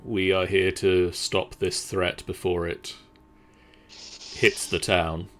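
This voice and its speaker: A man's voice: sits low, flat delivery, fairly bright tone. A man voicing an earnest human soldier from a town militia, trying out an accent he admits he can't do. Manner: slow, dutiful, clumsily attempted accent.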